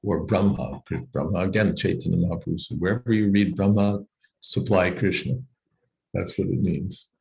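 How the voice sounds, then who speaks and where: A man's voice: deep voice, steady tone, normal speed, creaky, a little mellow, low-quality recording. A man leading a scripture reading class over a video call, explaining points thoughtfully with frequent "you know" asides.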